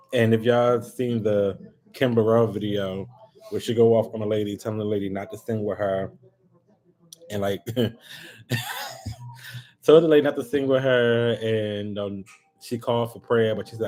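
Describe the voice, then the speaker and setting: A man's voice: fairly low pitch, moderate pace, pauses often. Man ranting on a live stream. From Baltimore, USA. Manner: animated, exasperated ranting to viewers. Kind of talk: casual live-stream chat.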